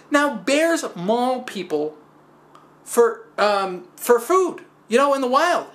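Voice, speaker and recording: A man hosting a stand-up style physics talk, telling stories with wry, animated asides and self-deprecating humor. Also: extremely high pitch, takes it slowly. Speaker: host.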